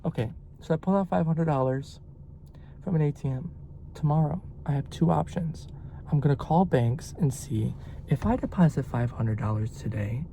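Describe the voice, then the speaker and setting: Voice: medium pitch, moderate pace, slight background noise. A young adult delivery-driver vlogger ranting in a casual, exasperated, profane way. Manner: animated, exasperated, swears a lot. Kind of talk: casual vlog rant.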